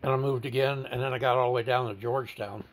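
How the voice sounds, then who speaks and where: A man's voice: mid-range voice, steady tone, fast talker. A man candidly telling a personal story in an interview, blunt and plain-spoken, stumbling over and repeating words as he goes. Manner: stammers and repeats words while recounting.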